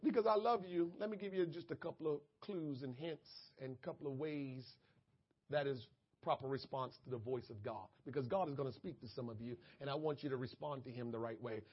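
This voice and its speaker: A man preaching a sermon as pastor, moving between quiet, conversational asides and loud, tearful, shouted prayers. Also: medium pitch, brisk, breathy edge. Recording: dull lo-fi church audio.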